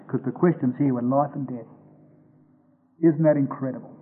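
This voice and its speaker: A man with a fairly high voice delivers an expository Bible sermon to his congregation, slowing down to lean on each line of scripture he quotes. The sound is thin and tinny, as if it came over a phone line. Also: expressive. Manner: slows to stress quoted scripture. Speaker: preacher.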